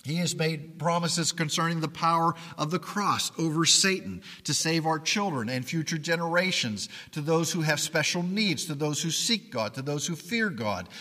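A man preaching a sermon as pastor, earnest and pleading, often dropping to quiet emphasis. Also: a little high, in a large hall.

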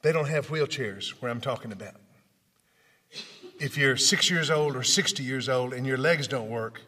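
A Memphis, Tennessee man, a motivational speaker, gives a storytelling speech in a hall with long reverb, using a medium-pitched voice at normal speed. He acts out the dialogue with drama, moving from quiet hushes to loud passages.

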